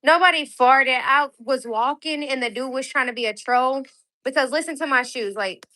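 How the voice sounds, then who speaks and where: A woman's voice: high voice, moderate pace, sharp tone, poor audio. A woman in her twenties chatting casually on a livestream, answering viewer comments in a blunt, outspoken way and swearing freely.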